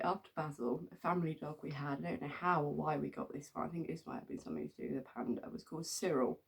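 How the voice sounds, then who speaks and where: A middle-aged woman from England rambles through her stories, laughing often and filling pauses with ums. Her voice sits low, with a gravelly edge. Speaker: vlogger. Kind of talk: casual storytelling.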